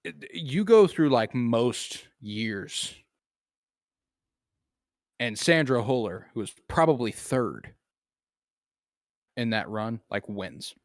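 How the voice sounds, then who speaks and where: A man's voice: mid-range voice, expressive, slow, pauses often, dry recording, clean studio sound. A man co-hosting a podcast, talking casually about films, loose and profane with lots of fillers. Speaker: podcast co-host. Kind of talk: casual film chat.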